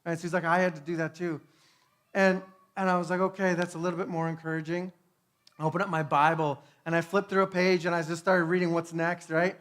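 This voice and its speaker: A man giving a conversational testimony sermon, earnest, swinging between hushed and fervent, with frequent tag questions. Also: on the high side, little pitch movement, fairly quick. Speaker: speaker.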